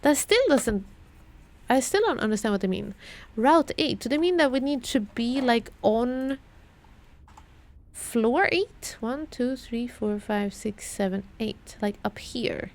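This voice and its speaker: Young british girl streaming, kinda high voice, slow, mutters clues over and over. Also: expressive. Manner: muttering, puzzling things out slowly, repeating clues. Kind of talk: thinking aloud while playing a puzzle game.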